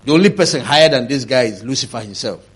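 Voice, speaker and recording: A man preaching a sermon, telling a testimony, swinging from quiet telling to loud, emphatic preaching. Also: animated, quick pace, breathy edge. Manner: rising to loud emphatic preaching, then dropping low.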